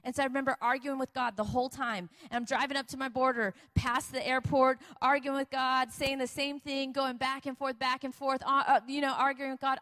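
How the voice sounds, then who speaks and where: A woman preacher and missionary telling a personal testimony in an emphatic, repetitive, animated way. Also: high voice, fairly quick, few pauses. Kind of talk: testimony sermon.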